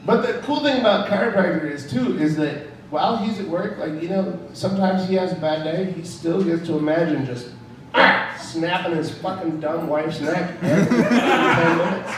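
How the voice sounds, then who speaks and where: On a club stage, a man with a fairly high voice delivers a crude, rambling stand-up set at a moderate pace, chuckling at his own jokes. The recording is far off in a very echoey room with a noisy background.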